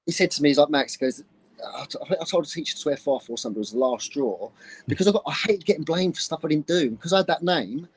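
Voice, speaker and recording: A man in his twenties from Luton with an English accent, telling stories in an animated, laddish way in a casual chat. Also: on the high side, slightly rough, poor audio. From England. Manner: animated, laddish slang, quick stop-start telling.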